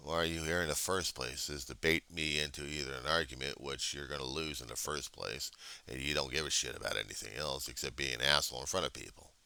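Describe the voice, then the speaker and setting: Low, gravelly male voice, blunt sarcastic talker, lively pitch, dry close sound. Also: no echo. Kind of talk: casual chat.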